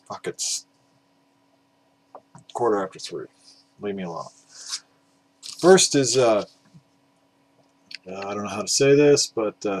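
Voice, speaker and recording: A man's voice: medium pitch, lively intonation, measured pace, long pauses, poor audio. A man talking casually about vinyl records in a rambling, hesitant way, with plenty of fillers and the odd swear word. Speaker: record collector vlogger.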